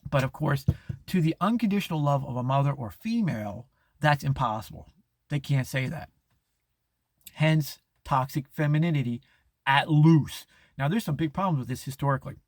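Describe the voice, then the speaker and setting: A middle-aged man hosting a podcast, talking in a rambling monologue with many restarts and false starts. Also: dry recording. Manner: halting, many restarts, mocking falsetto impressions. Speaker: podcast host.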